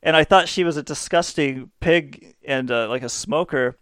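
A man's voice: a little high, normal speed, fairly bright tone, no echo, clean studio sound. A young adult man hosting a podcast, telling rambling, profane, self-mocking stories in a casual way. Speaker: podcast host. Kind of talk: casual comedic storytelling.

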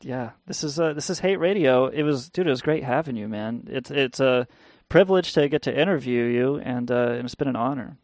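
A man's voice: mid-range voice, brisk, a little mellow, no echo. A man co-hosting a podcast, chatting casually and chiming in with jokes. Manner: joking, interjecting. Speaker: podcast co-host. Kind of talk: casual chat.

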